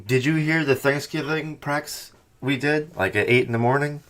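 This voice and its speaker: A man hosting a podcast in casual chat, talking in a profane, animated, mocking way into a headset or phone mic on a call. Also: fairly high pitch, normal speed. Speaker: podcast host.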